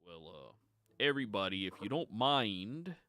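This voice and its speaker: A man voicing a calm, officious Furbolg overseer in a tabletop game who speaks slowly to settle a crowd. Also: lowish voice, dry recording, soft background music, pitched below the performer's own voice. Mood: placating. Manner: slow, measured, placating.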